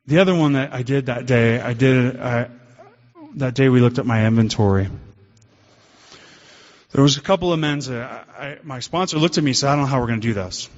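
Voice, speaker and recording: A man's voice: mid-range voice, a little mellow. A man giving a candid, self-deprecating recovery talk to a meeting. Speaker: guest speaker at a recovery meeting. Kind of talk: personal recovery talk to a group. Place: meeting hall. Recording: dull lo-fi hall recording.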